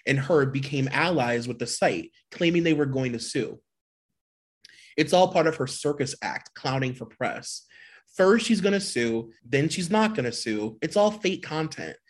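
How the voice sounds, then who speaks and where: A man's voice: medium pitch, husky. A man co-hosting a podcast, reading gossip blind items in a mocking tone and chatting casually. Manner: reads aloud in an exaggerated, mocking tone, laughs easily. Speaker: podcast co-host.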